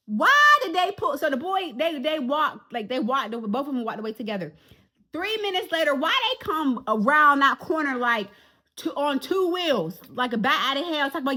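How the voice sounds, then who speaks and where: A woman, telling an animated storytime straight to her viewers. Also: high voice, brisk. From Jacksonville, Florida. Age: 40s. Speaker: vlogger. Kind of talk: storytime vlog.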